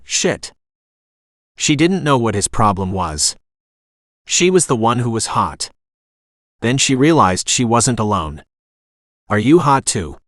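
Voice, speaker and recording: Ai male voice reading an audiobook, lively intonation, dry close sound. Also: lowish voice, no room sound. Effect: text-to-speech voice. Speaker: audiobook narrator. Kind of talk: scripted narration.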